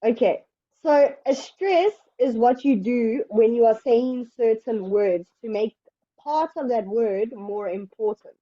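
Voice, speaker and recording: A woman teaching English one-on-one, explaining slowly and patiently. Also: on the high side, warm tone, no room sound, muffled recording. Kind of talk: one-on-one online English lesson.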